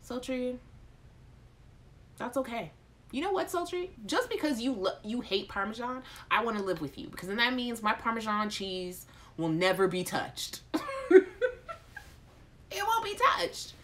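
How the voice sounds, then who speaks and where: A woman hosts a live chat show in a loose, casual way. Her pitch swings widely as she jokes with viewers. She reads their comments aloud and answers them with playful, over-the-top outrage. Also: normal speed. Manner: animated, joking, exaggerated outrage; addresses chat viewers by name. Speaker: host.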